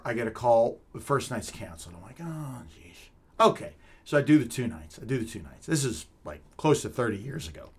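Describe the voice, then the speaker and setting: A middle-aged man, a comedic magician, telling animated stories in an interview and laughing often. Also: medium pitch, husky. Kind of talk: casual storytelling in an interview.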